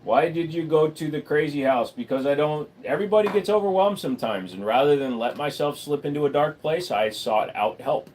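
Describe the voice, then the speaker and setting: A man hosting a casual livestream from a room at home, answering viewers' questions with blunt, deadpan, crude humor. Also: a little high, brisk, few pauses, slight background noise. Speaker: livestream host. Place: room at home full of computer gear.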